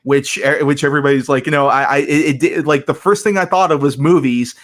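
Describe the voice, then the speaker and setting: A man's voice: a little high, steady tone, a little fast. A man, a guest on a casual podcast interview, talking hesitantly with many restarts and filler sounds. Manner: hesitant, restarts often, frequent ums.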